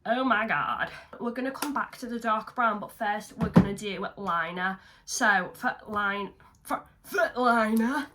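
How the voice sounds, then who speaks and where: Background noise accompanies this young woman's medium-pitched voice, which runs a little slow with few pauses. Seated at home, she chats casually through a makeup tutorial as a vlogger, self-deprecating and swearing at times.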